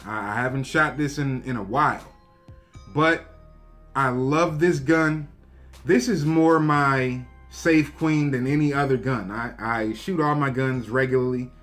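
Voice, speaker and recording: A man casually reviewing a handgun, talking straight to his viewers in a relaxed, slangy way. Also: fairly high pitch. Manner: laid-back, slangy, talks to viewers directly. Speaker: gun review vlogger. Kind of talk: casual show-and-tell review.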